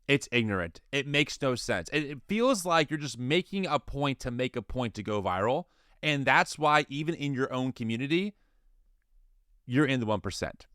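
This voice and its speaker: A man in his thirties co-hosting a casual commentary podcast, animated and incredulous, often restarting his sentences. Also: medium pitch, moderate pace, clear, resonant tone, dry recording, studio quality. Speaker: podcast co-host.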